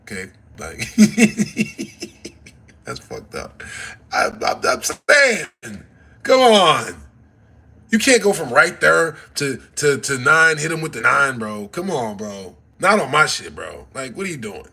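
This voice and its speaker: A man from Texas telling stories casually to his livestream audience on a phone, dropping to low mutters and then rising into loud, excited bursts. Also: measured pace, gravelly, husky. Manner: animated, swings between mumbling low and loud excited bursts. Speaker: livestream host.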